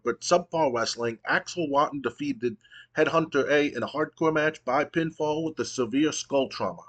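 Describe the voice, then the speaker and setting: A man's voice: a little high, moderate pace. A man casually narrating his wrestling management game, storytelling loosely with fillers. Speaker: game streamer.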